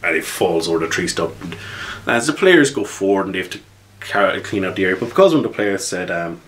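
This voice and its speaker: Deep-voiced game master. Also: male voice, animated, a little fast, a bit bright. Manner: rambling, with frequent restarts. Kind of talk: casual session recap.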